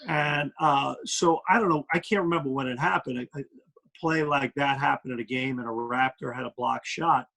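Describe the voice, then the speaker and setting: A man's voice: medium pitch, normal speed, vocal fry, pushed and bright, poor audio. A middle-aged man with a Brooklyn accent, a basketball analyst chatting as an interview guest, rambling with plenty of fillers. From Brooklyn, New York. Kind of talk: casual interview.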